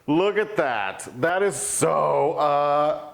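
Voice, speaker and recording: A man with a fairly high, very lively voice reacts to the food he is tasting. He is playful and effusive, chatting casually as a cooking show co-host. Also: drawn-out words, creaky, slight background noise. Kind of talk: casual cooking demo chat.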